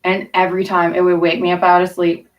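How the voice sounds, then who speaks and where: A woman's voice: lowish voice, completely flat delivery, fast talker, far from the mic, lo-fi sound. A woman telling rambling, profane stories in casual chat with her stream audience. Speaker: livestreamer talking to chat.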